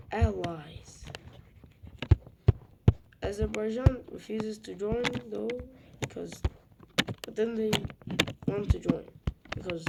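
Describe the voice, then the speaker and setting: A young woman narrating a map video in a casual, rambling way, with self-mocking asides and soft muttered remarks. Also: fairly low pitch, vocal fry. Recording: loud background noise.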